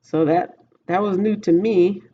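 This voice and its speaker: A woman's voice: mid-range voice, steady tone, unhurried, highs cut off. A Texan woman livestreaming from home, chatting casually and rambling as she thinks aloud to viewers. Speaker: livestreaming vlogger.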